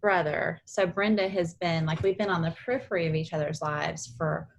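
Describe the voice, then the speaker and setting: Lower-voiced woman telling a rambling story. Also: steady tone, fairly quick, vocal fry, a little hiss or hum, poor audio. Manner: rambling, self-correcting storyteller. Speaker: podcast guest. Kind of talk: casual podcast chat.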